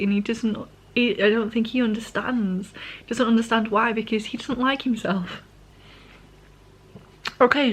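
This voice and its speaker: A woman, casually recapping a manga in a rambling, chatty way, sometimes correcting herself and eating as she talks. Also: on the high side. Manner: eating while talking. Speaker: vlogger.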